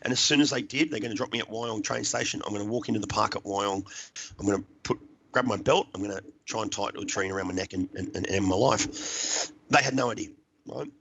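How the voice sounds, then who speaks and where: A man's voice: fairly low pitch, quick pace, gravelly, fairly bright tone, highs cut off, a little hiss or hum. An Australian man, a podcast guest, tells his life story bluntly and emphatically, swearing often and dropping in "mate" and "right?". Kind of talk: personal storytelling.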